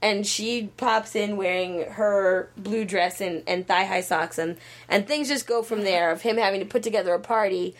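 A woman's voice: medium pitch, moderate pace. A woman chatting casually and rambling a plot summary, full of fillers. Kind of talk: casual chat.

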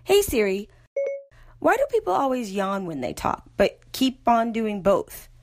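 Gravelly woman asking deadpan questions. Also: a little high, unhurried. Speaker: person questioning a voice assistant.

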